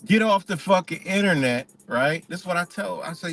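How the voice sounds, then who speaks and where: A man's voice: high voice, fairly quick, creaky, fairly bright tone, faint music behind. A man hosting a livestream, ranting in a profane, rambling way and repeating himself. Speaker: channel host. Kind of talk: livestream rant.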